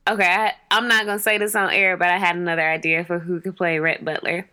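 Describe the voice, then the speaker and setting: A woman's voice: on the low side, level tone, fast, sharp tone. A young woman co-hosting a podcast in casual chat, playful and joking, using casual slang. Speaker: podcast co-host.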